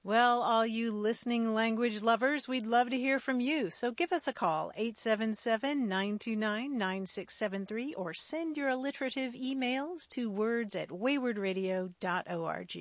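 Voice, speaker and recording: A woman's voice: fairly high pitch, moderate pace, no echo, muffled recording. A woman co-hosting a radio call-in show, friendly and playful with the callers. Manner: friendly, playful, laughs often.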